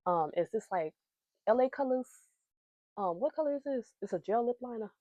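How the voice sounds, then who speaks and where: A woman's voice: on the high side, animated, normal speed, dry recording, narrow, tinny audio. A young woman hosting her podcast, chatting casually and playfully to herself while doing her makeup. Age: young adult. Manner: playful, giggly, talks to herself. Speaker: podcast host.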